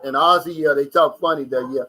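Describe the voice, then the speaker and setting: A man's voice: on the high side, steady tone, brisk, sharp tone, low-quality recording. An American man hosting a casual live stream, reading out viewer comments and chatting about them. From United States.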